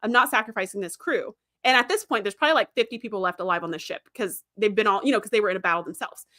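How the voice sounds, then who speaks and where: A woman hosting a livestream, chatting about a TV series in an animated, casual way and laughing often. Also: medium pitch, very fast. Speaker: livestream host. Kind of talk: casual fan commentary.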